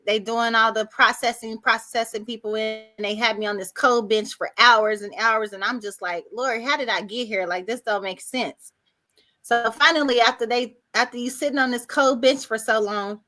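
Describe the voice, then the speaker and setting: A woman with a bright, fairly high voice tells her story on a video call. She talks in a casual, animated way and slips into quoted voices as she goes. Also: normal speed, hardly any pauses. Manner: animated, acts out others' words in quotes. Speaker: podcast guest.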